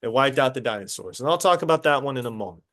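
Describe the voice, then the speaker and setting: A man teaching a high school biology class, casual and talkative, stopping to quiz students directly. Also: animated, quick pace, a bit bright. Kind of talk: classroom lecture.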